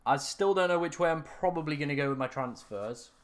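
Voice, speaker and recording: A young man, his voice raspy and strained after hours of live streaming. He rambles and corrects himself as he chats to his viewers from home. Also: a little high, lively intonation, brisk. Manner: rambling, self-correcting, talks to chat. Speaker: fantasy football streamer. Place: room at home.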